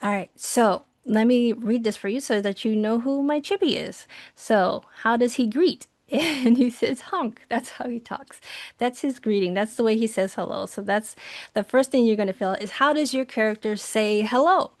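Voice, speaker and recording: A woman's voice: on the high side, moderate pace, darkish tone, dry recording. A woman teaching an online art workshop in a chatty, upbeat way, laughing often and using many fillers. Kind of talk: casual online workshop lesson.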